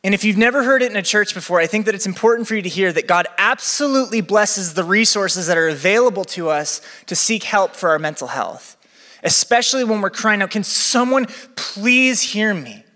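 A young man preaching a sermon as campus pastor, chatty and energetic with a live crowd. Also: high voice, brisk. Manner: energetic, chatty, acts out quotes. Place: church venue with balcony. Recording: long hall reverb.

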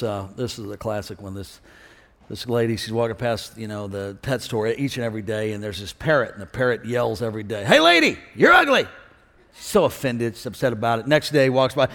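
A man preaching a lively sermon in a large church, telling jokes and calling out to the congregation. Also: mid-range voice, fairly quick. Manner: energetic, joking, calls out to the congregation. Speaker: senior pastor. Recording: long reverb of a large hall.

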